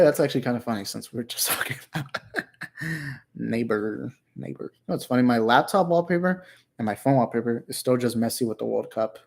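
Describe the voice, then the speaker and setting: A man's voice: mid-range voice, creaky. Joking, rambling young male streamer. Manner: reads out chat messages. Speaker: livestream host. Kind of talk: casual livestream chat.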